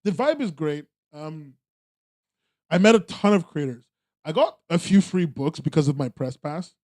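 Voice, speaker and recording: A man's voice: a little high, animated, normal speed, a little mellow. Laid-back rambling American man. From United States. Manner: rambling, laid-back, frequent fillers and restarts. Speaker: podcast host. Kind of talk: casual chat.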